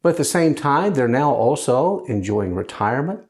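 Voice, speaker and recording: A widowed, grieving man hosts a personal monologue show about living alone, speaking conversationally with wry, occasionally sarcastic humor. His darkish, medium-pitched voice swings widely in pitch at a moderate pace.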